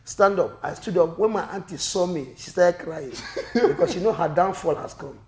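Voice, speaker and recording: A man with a Nigerian accent, a guest comedian telling a funny story in an animated way and laughing often. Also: high voice, normal speed. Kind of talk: comic storytelling. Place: studio.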